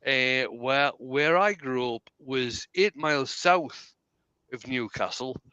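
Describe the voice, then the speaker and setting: A man's voice: medium pitch, takes it slowly, pushed and bright, clear, resonant tone, no echo, lo-fi sound. A man with a County Durham accent, chatting and telling stories on a live stream, laughing and repeating words as he goes. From County Durham, England. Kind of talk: casual chat.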